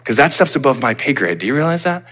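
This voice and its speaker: Bright-voiced animated male pastor. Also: mid-range voice, quick pace, breathy edge. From United States. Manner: animated, conversational preaching with acted-out asides. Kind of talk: sermon.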